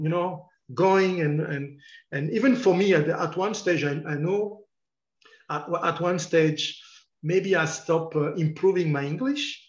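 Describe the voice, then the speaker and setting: A man's voice: high voice, echoey room, lo-fi sound. A man in his fifties from France with a French accent, a guest journalist speaking earnestly in an online panel talk and repeating key words for emphasis.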